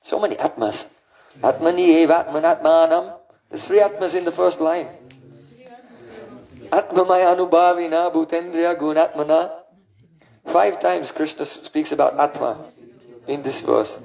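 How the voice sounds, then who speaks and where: A man giving a spiritual lecture on scripture. He chants verses slowly and often pauses to ask his listeners "hmm?". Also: fairly high pitch, creaky, a little mellow, highs cut off. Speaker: spiritual teacher.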